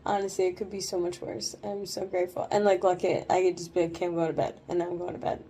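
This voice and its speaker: A woman's voice: fairly low pitch, flat delivery, fast talker, dark tone, slight background noise. A tired woman vlogging casually at home after oral surgery, rambling with lots of fillers and swearing freely. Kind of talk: casual late-night vlog. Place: home, bed then bathroom.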